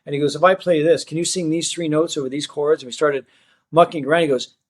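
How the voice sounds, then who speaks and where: A man's voice: on the high side, steady tone, fast. A man, a magician, telling a long personal story in a casual interview and acting out the people he quotes. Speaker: magician and guest.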